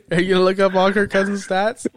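A man's voice: sits high, steady tone, normal speed. A man co-hosting a casual sports chat, reeling off stats and needling his partner. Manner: teasing, stat-heavy, needling. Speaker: podcast co-host.

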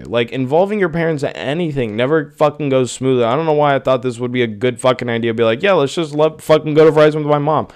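A man's voice: mid-range voice, a little mellow. A young man hosting a casual solo podcast, ranting in an exasperated, profane way. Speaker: podcast host.

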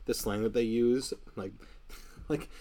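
A man's voice: medium pitch, fairly even intonation, takes it slowly, warm tone. A young man co-hosting a podcast in casual chat, rambling and swearing often with frequent laughs. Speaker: podcast co-host.

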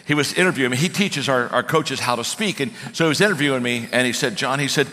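Folksy preacher guy, bright voice, lots of restarts, echoey hall. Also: mid-range voice, quick pace. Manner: folksy, animated storytelling with many restarts. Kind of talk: sermon.

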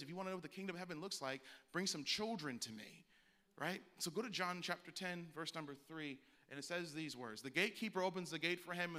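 A man's voice: on the high side, bright, forceful tone. A man preaching a sermon as pastor, talking to the congregation in a conversational, plainspoken way. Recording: long reverb of a church hall.

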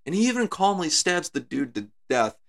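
A man's voice: a little high, very animated, moderate pace, creaky. A man talking casually through his analysis and restating his points as he goes. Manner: talks things through, repeats his points. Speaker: video essay creator.

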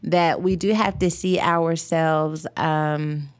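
A woman's voice: deep voice, steady tone, takes it slowly. A woman host chatting on a live stream, reading viewer comments and thinking aloud with frequent fillers.

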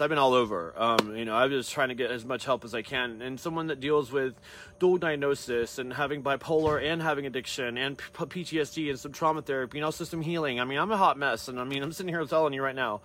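A man's voice: mid-range voice, fast talker, a bit bright. A hairstylist man talking casually to his camera, rambling through a long story with many tangents and restarts.

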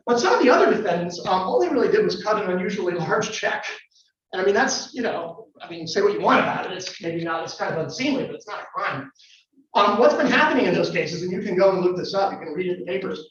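A man's voice: high-pitched, fairly bright tone, slight background noise. A man, a lawyer, giving a conversational, wry talk to a live audience and putting questions to them. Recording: echoey room from far off, dull sound.

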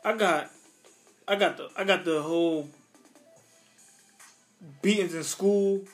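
A man's voice: high-pitched, takes it slowly, soft background music. A man in casual chat, joking along and using heavy slang.

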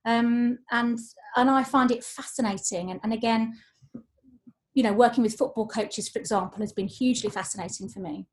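Lady voice coach chatting on a podcast, kinda high voice, animated. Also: moderate pace. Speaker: voice coach guest. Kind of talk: podcast conversation.

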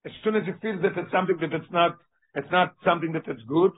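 A man teaching a text study lesson. He reads passages aloud quickly and then explains them more slowly. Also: fairly high pitch, lively intonation, slightly rough. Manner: reads Hebrew quickly, then explains slowly in English with Yiddish-inflected terms. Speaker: Torah teacher. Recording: tinny phone-line audio.

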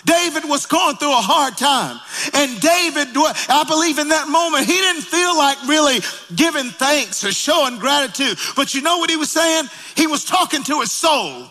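A man preaching a sermon in a church, calling out to the congregation and rising to shouts. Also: very high-pitched, expressive, moderate pace, long reverb tail. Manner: calls out to congregation, rises to shouting. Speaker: pastor. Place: church sanctuary.

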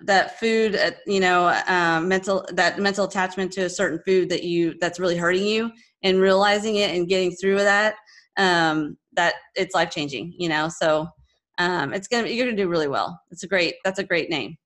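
A woman's voice: fairly low pitch, normal speed, fairly bright tone. A woman with a Texan accent hosting a podcast, chatting casually and rambling with restarts. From grew up in Texas. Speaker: podcast host. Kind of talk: casual interview chat.

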